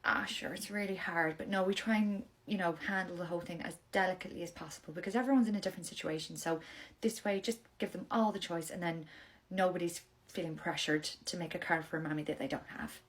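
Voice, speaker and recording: A young woman, playing a gentle, polite nursery nurse in a comedy sketch. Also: on the low side, steady tone, fast.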